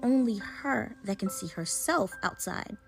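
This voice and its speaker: A young woman casually retelling a creepy story in a chatty, slangy way, with dramatic pauses. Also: mid-range voice, expressive, vocal fry, faint music behind.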